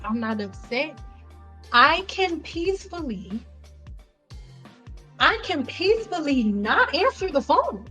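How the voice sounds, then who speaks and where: A young woman with a fairly high voice chats live with her viewers, blunt and profane. She tells her stories with animation. Soft music plays faintly behind her. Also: animated, measured pace. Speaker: livestream host. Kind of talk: casual unscripted livestream chat.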